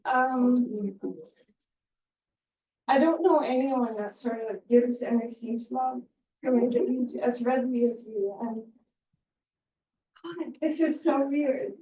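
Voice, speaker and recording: A woman speaking at an academic conference, giving a halting, heartfelt tribute with many fillers, recorded in a lecture room. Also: on the high side, steady tone, dark tone. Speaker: invited speaker. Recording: echoey room, distant mic.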